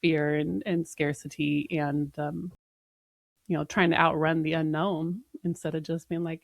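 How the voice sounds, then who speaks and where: A woman's voice: sits low, little pitch movement, a little slow, creaky, no room sound, studio quality. Reflective woman podcast co-host. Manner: warm, laughing, reflective. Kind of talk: casual podcast conversation.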